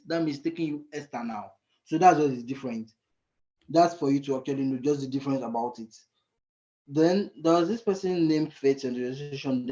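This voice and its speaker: A man mentoring frontend coders in a live screen-share lesson, thinking aloud and often pausing to search for the right word. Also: mid-range voice, warm tone, highs cut off.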